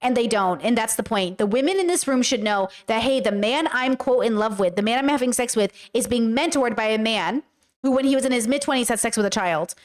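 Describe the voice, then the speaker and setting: A woman ranting heatedly to her live chat while reacting to a clip, swearing freely. Her voice sits a little high. She fires questions and talks back to her viewers. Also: lively intonation, brisk. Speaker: commentary host.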